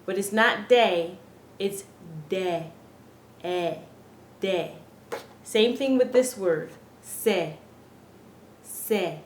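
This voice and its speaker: Slow, careful woman teaching pronunciation. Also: mid-range voice, expressive, slight background noise. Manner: slow, deliberate, repeats words carefully. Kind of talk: slow instructional lesson. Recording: echoey room, faint ambience.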